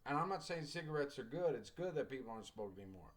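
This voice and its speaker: A man's voice: medium pitch, very animated, fast. Folksy middle-aged male writing teacher. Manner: folksy storyteller, acts out quoted dialogue, joking asides. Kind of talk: classroom lecture with anecdotes.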